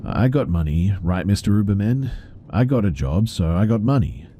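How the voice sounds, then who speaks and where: A man voicing an unhinged woman passenger in a horror story, eerily soft and sing-song. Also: on the low side, lively intonation, moderate pace, a little hiss or hum, pitched above the performer's own voice, close to an everyday voice. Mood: agitated.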